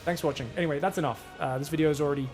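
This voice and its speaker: A man coaching viewers through a game replay, emphatic and animated, sometimes mimicking a panicked inner voice. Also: fairly high pitch, rapid-fire, faint music behind. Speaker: StarCraft coach. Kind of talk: replay analysis and coaching talk.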